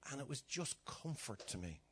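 With a medium-pitched voice at a moderate pace, this middle-aged preacher delivers his sermon over a slight hiss or hum. His storytelling is animated, as he acts out voices and abruptly falls to a whisper.

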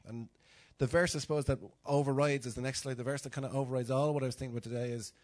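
Older Dublin Irish man, mid-pitched voice, for a chatty, joking informal sermon to a congregation. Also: steady tone, very fast, darkish tone. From Dublin, Ireland. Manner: chatty and self-mocking, acts out little dialogues. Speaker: preacher. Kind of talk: informal sermon with humorous stories.

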